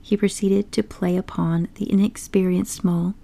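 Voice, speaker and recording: Mellow-voiced woman reading a story. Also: mid-range voice, level tone, moderate pace, creaky. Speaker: narrator. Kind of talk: audiobook storytelling.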